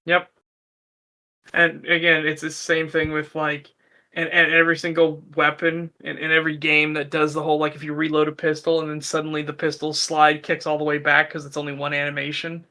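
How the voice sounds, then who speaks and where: A man in casual chat as a podcast co-host, an animated storyteller who acts out the people he quotes. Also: fairly high pitch, a little fast.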